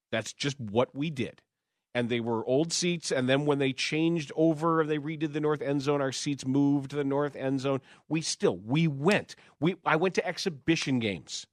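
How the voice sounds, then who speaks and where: A man hosting a sports radio talk show, chatting in an animated way, laughing often and restarting his sentences. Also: mid-range voice, no room sound, clean studio sound.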